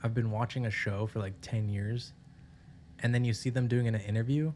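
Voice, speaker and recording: A man's voice: medium pitch, steady tone, moderate pace, a little mellow, a little hiss or hum. A man co-hosting a podcast in loose, profane casual chat. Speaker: podcast co-host.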